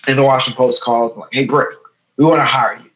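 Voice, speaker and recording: A man from Chicago's South Side in his thirties, speaking as a guest on a casual interview. He tells a story with energy, acting out the quotes as he goes. The recording is a bit dull and lo-fi. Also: mid-range voice. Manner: animated, fast storytelling with quoted dialogue. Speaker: guest, photo editor.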